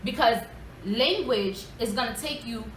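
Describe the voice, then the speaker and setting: Emphatic New woman in her thirties, higher voice, recorded from a distance in an echoey room. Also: unhurried. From New York. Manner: emphatic, animated. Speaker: podcast co-host. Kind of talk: casual group chat. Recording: echoey room, mic at a distance, faint hiss.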